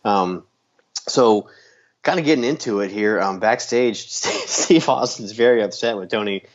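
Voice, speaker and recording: Casting: male podcast co-host, lower voice, animated rants, muffled lo-fi audio. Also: measured pace. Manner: animated ranting, laughs often. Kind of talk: casual chat. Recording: dull lo-fi sound.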